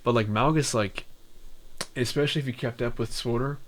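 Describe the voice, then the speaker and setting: Rambling, easygoing man streamer. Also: medium pitch. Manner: rambling, full of "like" and trailing pauses. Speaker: live streamer chatting with viewers. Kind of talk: casual chat.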